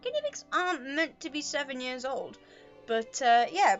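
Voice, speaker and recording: A woman's voice: high voice, lively intonation, moderate pace, dull audio. A woman talking casually to the camera at home, rambling chattily with self-deprecating asides. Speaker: vlogger. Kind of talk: casual rambling vlog monologue. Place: at home with a pet on her lap. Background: quiet choir music.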